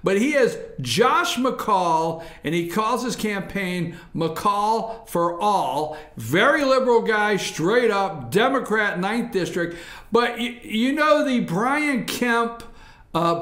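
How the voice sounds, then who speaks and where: Man, casual political chat, repeats himself, roomy echo. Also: high voice. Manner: animated, repeats himself when pressing a point. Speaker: morning show host.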